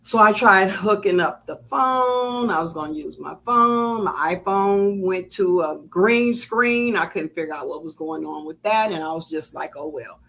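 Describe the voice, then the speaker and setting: A woman's voice: medium pitch, animated, unhurried, few pauses, a bit bright. An older woman hosting a crafting live stream, chatting casually and rambling with lots of ums and uhs. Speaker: crafting channel host. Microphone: computer webcam setup.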